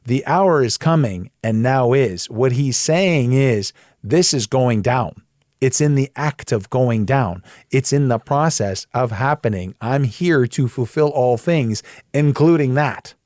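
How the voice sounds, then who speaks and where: A man's voice: medium pitch, measured pace, no room sound, clean studio sound. Plain-spoken man teaching the Bible. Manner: emphatic, plain-spoken, animated when making a point. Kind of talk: conversational Bible study teaching.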